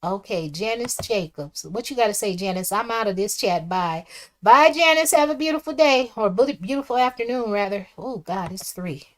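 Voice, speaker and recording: In casual live chat commentary, a woman with a mid-range voice reads her viewers' comments and reacts to them. Her intonation is lively and her pace moderate; she's talkative and moves from hushed asides to loud exclamations.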